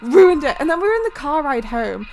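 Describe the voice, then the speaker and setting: A young woman streamer telling a story casually, animated and giggly. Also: sits high, fairly quick, poor audio. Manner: giggly, animated, breaks into laughter often. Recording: music playing underneath.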